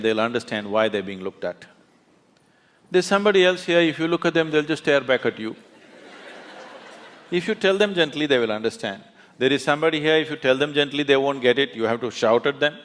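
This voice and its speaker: A man's voice: medium pitch, expressive, a little fast, a bit bright. A man, a spiritual teacher speaking emphatically onstage, often laughing as he tells stories. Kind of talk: onstage conversation. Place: large auditorium.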